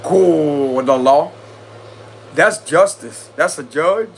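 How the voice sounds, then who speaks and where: Guy on a tarot live stream, keeps cracking up, kinda high voice, slangy, bit of hum behind him. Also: takes it slowly. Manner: giggly, keeps breaking into laughter; chatty slang-heavy address to viewers. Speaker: tarot reader.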